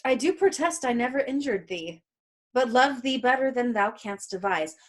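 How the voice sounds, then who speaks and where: A woman reading the part of Romeo, a gentle young man trying to make peace. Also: on the high side, animated, normal speed. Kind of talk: casual read-aloud of a play.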